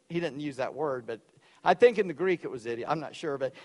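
A man preaching a sermon, loud and emphatic, dropping suddenly to quiet for effect. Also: fairly high pitch, expressive, quick pace, big-room sound. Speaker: pastor.

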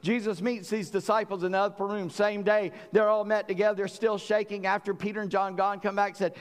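A preacher tells his sermon with lively storytelling, acting out the voices. His voice sits fairly high for a man. Long hall reverb hangs after his words. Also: fairly quick. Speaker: pastor.

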